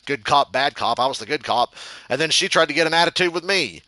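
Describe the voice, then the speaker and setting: Bright, profane young man telling stories. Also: fairly high pitch, expressive, quick pace, no echo. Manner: profane, rambling, bursts into shouts. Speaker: gaming channel host. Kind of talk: gameplay commentary and storytelling.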